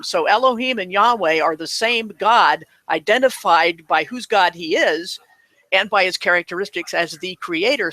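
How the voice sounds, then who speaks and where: Man on an online call, high bright voice, dry close sound, earnest explainer. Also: no echo, poor audio. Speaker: guest answering questions. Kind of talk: casual online talk.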